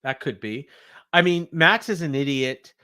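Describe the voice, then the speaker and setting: A man's voice: fairly high pitch, measured pace, pushed and bright, clear, resonant tone. A man co-hosting a podcast, recapping a show in a rambling way with many fillers. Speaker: podcast co-host. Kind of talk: casual wrestling recap.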